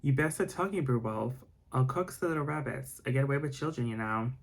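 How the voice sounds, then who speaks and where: A man's voice: medium pitch, a little fast, vocal fry. A man voicing a crafty, grinning male fox who talks in a smug country drawl for a bedtime story. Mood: scheming.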